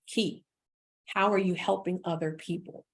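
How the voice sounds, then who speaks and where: A woman business coach giving an energetic motivational talk, repeating phrases for emphasis. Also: on the low side, a little slow.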